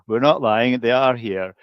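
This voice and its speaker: Male co-host, mid-range pitch, upbeat promotional chat, dry close sound. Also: takes it slowly, smooth, no room sound, lo-fi sound. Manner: upbeat, often addresses co-host by name. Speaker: co-host of a coaching community update.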